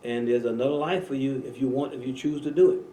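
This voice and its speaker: A man hosting a religious broadcast preaches at an even, middle pitch, leaning hard on key words and repeating himself as he builds a point. His voice rings in a roomy studio. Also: a little hiss or hum. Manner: preaching, slow and emphatic, repeating phrases. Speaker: imam and show host. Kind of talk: religious talk radio conversation.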